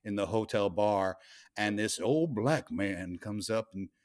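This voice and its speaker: A man co-hosting a casual podcast chat, telling stories with animated bursts and frequent laughs. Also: fairly low pitch, unhurried. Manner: storytelling, animated, laughs often. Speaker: podcast co-host.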